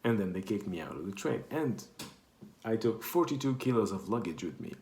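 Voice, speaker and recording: A lowish, darkish voice with big pitch swings belongs to a man from Portugal who talks fairly quickly with a Portuguese accent. He tells a rambling, self-correcting casual anecdote, and the echoey recording carries a little hiss or hum.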